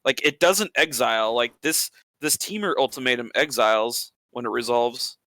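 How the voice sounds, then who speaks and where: A man with a bright, clear and smooth voice leads a casual podcast chat and asks easygoing questions. The sound is close and dry, with no room echo. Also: mid-range voice, moderate pace.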